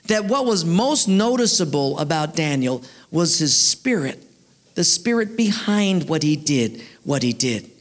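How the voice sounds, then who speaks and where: A man in his thirties preaching a sermon, telling stories in an animated way. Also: high-pitched. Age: 30s. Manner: animated storyteller, acts out voices. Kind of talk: storytelling sermon.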